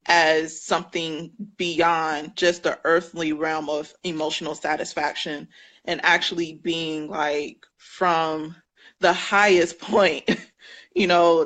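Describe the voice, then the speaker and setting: Bright soft-spoken guest on a call. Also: medium pitch, little pitch movement, takes it slowly. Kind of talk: casual chat. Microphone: phone.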